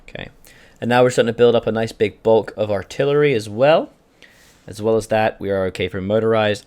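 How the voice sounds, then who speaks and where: Playing a strategy game live, a streamer chats casually in a smooth, lowish voice, cursing freely. He reads questions from his live chat aloud and responds to them.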